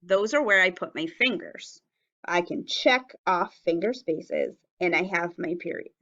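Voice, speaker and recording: A woman teacher leading a children's writing lesson on video, speaking slowly and enunciating words carefully so young learners can follow. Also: fairly low pitch, expressive, a bit bright, highs cut off. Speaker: elementary teacher.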